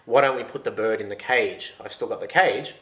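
Bloke doing a sneaky jealous young rival, aussie, smooth-talking and coaxing, echoey room. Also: male voice, fairly low pitch, brisk, fairly bright tone, close to an everyday voice. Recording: roomy echo.

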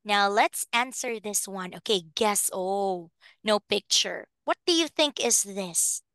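A woman's voice: medium pitch, expressive, slow, a bit bright, dry recording, clean studio sound. A woman teaching a phonics lesson to a young child over a video call, patient and encouraging, spelling out letters and laughing often. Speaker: online English teacher.

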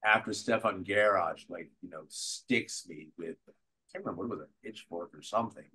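An older man, an actor being interviewed, telling stories from his life and career in a lively way, acting out the voices of people he quotes. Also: low-pitched, fairly quick, slightly rough, low-quality recording. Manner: animated storyteller who acts out quotes. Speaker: guest actor. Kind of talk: conversational interview storytelling.

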